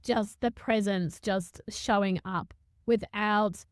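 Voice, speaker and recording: A woman's voice: medium pitch, steady tone, slow pace, clean tone, no room sound, studio quality. A woman hosting a spiritual podcast, talking reflectively and searching for words with many restarts. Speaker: podcast host. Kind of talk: reflective conversational podcast talk.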